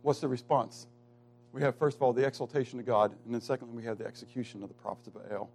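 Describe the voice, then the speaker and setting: A man preaches a sermon, repeatedly putting questions to the congregation and pausing for their answers. He slows to stress key words and shifts between loud, emphatic lines and quiet asides. His voice is mid-range with fairly even intonation.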